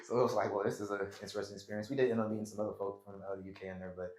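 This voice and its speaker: Speaking very fast in a fairly low, slightly mellow voice, this American man delivers his podcast story flatly, though he laughs a lot as he rambles on in slang. The tale is a long one, and the recording carries the echo of the room.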